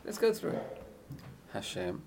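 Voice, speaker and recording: A man giving an informal Torah class on prayer, often asking his listeners questions and swinging between loud and hushed speech. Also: mid-range voice, brisk, noisy background. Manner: animated, swings from loud chanting to hushed near-whispers. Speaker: Torah teacher.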